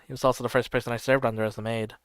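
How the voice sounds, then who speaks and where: A man's voice: medium pitch, rapid-fire, clean tone, no room sound. Man narrating a story game. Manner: steady first-person narration with occasional slips. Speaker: streamer. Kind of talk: reading a story game aloud.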